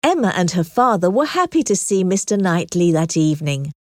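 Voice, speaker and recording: A woman narrating a classic novel as an audiobook, clear and expressive, on a close microphone. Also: on the low side, brisk, no room sound.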